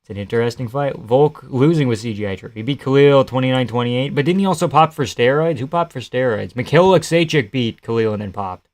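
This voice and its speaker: A male live streamer with a medium-pitched, brisk voice jokes around and swears freely while casually commentating on fights, reading and answering his chat.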